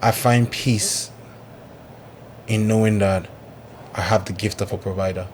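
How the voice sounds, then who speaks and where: A man hosting a casual podcast conversation about faith, speaking in a reflective, measured way. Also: lowish voice, steady tone, a little mellow, slight background noise. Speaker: podcast host.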